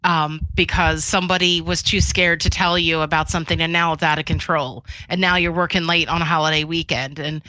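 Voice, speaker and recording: A woman cybersecurity expert being interviewed, chatting casually in a storytelling way, with lots of "you know" and quick restarts. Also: sits low, fairly even intonation, sharp tone, poor audio. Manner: chatty, frequent fillers and restarts, laughs between points.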